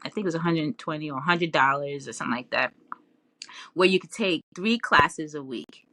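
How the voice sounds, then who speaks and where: A woman telling her story as an interview guest in a casual, animated way, often laughing and raising her voice when she quotes herself. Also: deep voice, moderate pace, dry recording. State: tearful at times.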